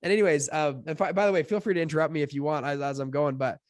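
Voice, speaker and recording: A man's voice: a little high, racing, no echo. Young man, podcast guest; talky, filler-heavy storyteller; dry close sound. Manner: chatty, filler-heavy, acts out quotes with lively voices. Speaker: podcast guest, fund founder. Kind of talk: casual storytelling in an interview.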